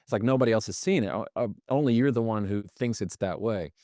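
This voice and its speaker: Low-voiced man explaining calmly. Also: quick pace, no room sound, clean studio sound. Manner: explains with examples, acts out quoted lines. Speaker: podcast guest, communication expert. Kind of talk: conversational explanation.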